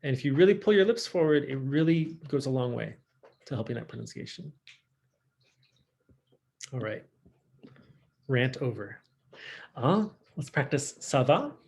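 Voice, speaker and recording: A man with a Californian accent, teaching a French class online and modelling French words slowly and clearly. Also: medium pitch, lively intonation, darkish tone.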